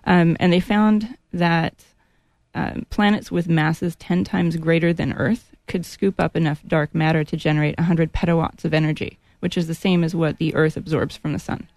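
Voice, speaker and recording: A man from California co-hosting a radio talk show, explaining a science story in a relaxed way. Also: fairly high pitch, normal speed, dry recording.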